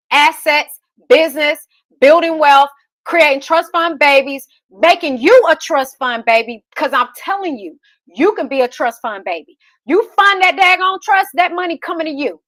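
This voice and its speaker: A woman's voice: high voice, moderate pace, a bit bright, dry recording. A woman in her thirties, a real estate host, giving a fired-up motivational talk full of rhetorical questions.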